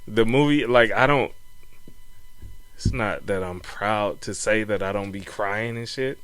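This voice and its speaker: A young man with a bright, forward voice, chatting loosely on a podcast. He talks in a relaxed, slangy way and keeps tagging his sentences with "man" and "you know what I'm saying.". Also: lowish voice, a little slow, clean tone. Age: young adult. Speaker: podcast co-host. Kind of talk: casual chat.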